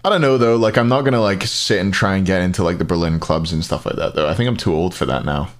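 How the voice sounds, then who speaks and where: A man's voice: low-pitched, fast talker. A man casting an esports match on a live stream, rambling between plays and answering chat questions aloud. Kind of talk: casual live-stream commentary.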